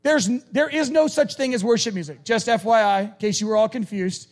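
A male preacher giving a conversational, animated sermon and acting out quoted lines. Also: high-pitched, a little fast.

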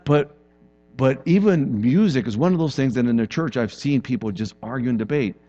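Male pastor, conversational sermon delivery with lively acted quotes, mid-pitched, slightly muffled recording. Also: normal speed.

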